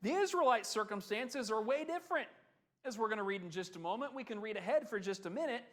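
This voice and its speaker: A man leads an adult Bible class, talking it through with the group and throwing questions at them. His voice sits high and moves a lot, rising and falling with real life. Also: fast. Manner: animated, conversational, asks the class questions.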